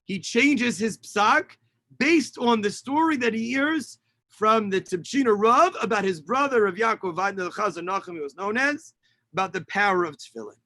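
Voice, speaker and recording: A rabbi teaches over a video call, his high voice carrying the story along with lively energy. His tone is bright and forward, and the sound is dry and close, with no room around it. He mixes Hebrew and Yiddish terms into his telling. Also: moderate pace, dry recording. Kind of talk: teaching a lesson with a retold story.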